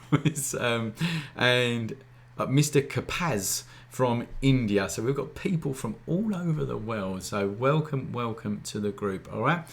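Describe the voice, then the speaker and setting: A man, hosting a live photography Q&A in a chatty, informal teaching style that keeps checking in with the viewers. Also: fairly low pitch. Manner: chatty, keeps asking "all right?"; informal, relaxed wording. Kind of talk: casual live-stream teaching.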